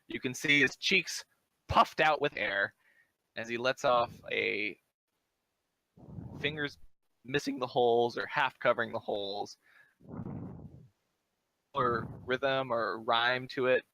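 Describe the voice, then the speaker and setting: A man running a tabletop game as game master, describing scenes in relaxed narration with fillers. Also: medium pitch, slow, long pauses, no echo, rough recording.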